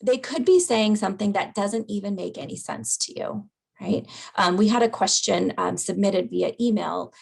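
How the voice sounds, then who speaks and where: A woman leads an online caregiving class in an easy, chatty teaching manner and keeps checking in with "right?". Her voice has heavy vocal fry and a husky edge. She speaks at a middle pitch over a video call. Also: normal speed. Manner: conversational, asks "right?" after points. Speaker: dementia educator. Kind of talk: webinar lecture.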